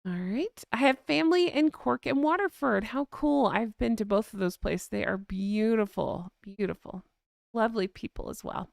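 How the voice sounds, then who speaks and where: A woman's voice: on the high side, moderate pace, vocal fry, no echo, studio quality. A woman hosting a casual live-stream chat, reading out viewer comments in a chatty, gushing way and laughing often.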